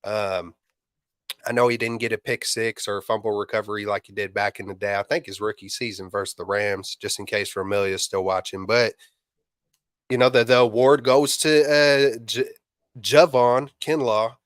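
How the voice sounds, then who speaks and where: A man's voice: lowish voice, fairly even intonation, moderate pace, no echo, clean studio sound. A man co-hosting a casual sports talk show, loose and slangy, often repeating himself. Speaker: podcast co-host.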